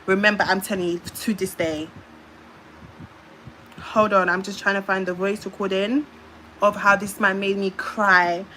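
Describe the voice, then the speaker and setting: A woman's voice: mid-range voice, fairly even intonation, unhurried, pauses often, sharp tone, slight background noise, rough recording. A young British woman from the UK telling a long, rambling story on a livestream, speaking into her phone and filling gaps with repeated filler sounds. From United Kingdom.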